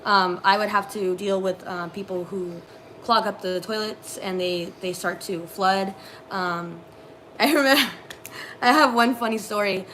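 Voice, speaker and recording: Bright-voiced young woman telling stories. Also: mid-range voice, measured pace, slight background noise. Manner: animated storyteller, lots of fillers. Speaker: co-host, former theme park custodian. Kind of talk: casual live stream chat, storytelling.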